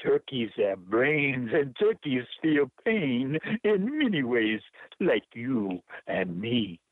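A man's voice: mid-range voice, very animated, slow, no room sound. A man calling in on the phone, reading a poem aloud in a put-on Jamaican accent. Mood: playful. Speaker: caller. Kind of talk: poetry reading. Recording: phone line.

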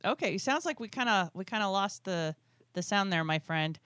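A woman host chats warmly and easily with callers and co-hosts, her voice smooth and clear, and she laughs a lot. The sound is dry and close to the mic. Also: medium pitch, animated, moderate pace, dry recording. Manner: chatty, affectionate, laughs often. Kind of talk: casual chat.

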